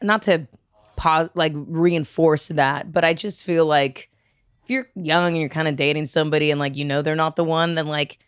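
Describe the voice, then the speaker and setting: A young woman chatting fast on a podcast, full of "like" fillers. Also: deep voice, fairly even intonation, smooth, no echo, clean studio sound. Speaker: podcast host. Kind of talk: casual chat.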